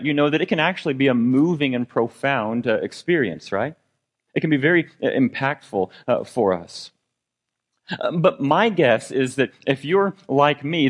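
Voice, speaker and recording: Man preaching a conversational sermon. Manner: conversational preaching with congregation questions; fillers and restarts, dynamic pitch and volume. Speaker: pastor.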